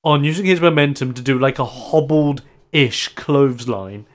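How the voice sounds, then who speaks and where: Animated man narrating a tabletop game. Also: medium pitch, moderate pace. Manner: animated narration, laughs often. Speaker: game master.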